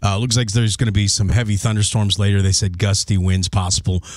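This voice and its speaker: A man's voice: lowish voice, fairly quick, no room sound. A man co-hosting a radio morning show, joking and ranting in casual on-air banter from the studio. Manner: animated, jokey ranting. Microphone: studio microphone.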